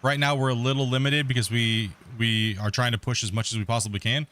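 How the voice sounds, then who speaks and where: A middle-aged man hosts a multiplayer game stream, giving casual gameplay commentary in a relaxed, rambling style full of restarts. His voice is medium in pitch and fairly bright, with fairly even intonation and a quick pace.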